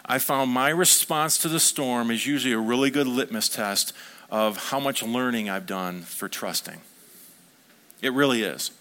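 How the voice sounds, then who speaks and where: A man's voice: medium pitch, normal speed, pushed and bright. A man preaching a sermon as a pastor, talking conversationally and asking the congregation questions.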